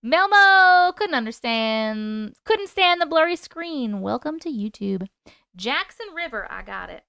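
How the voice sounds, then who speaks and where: A woman's voice: high voice, very animated, moderate pace, vocal fry, a bit bright, no echo, clean studio sound. A woman with a New York accent hosting a casual livestream, chatting away, greeting viewers by name and swearing now and then. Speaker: livestream host and storyteller.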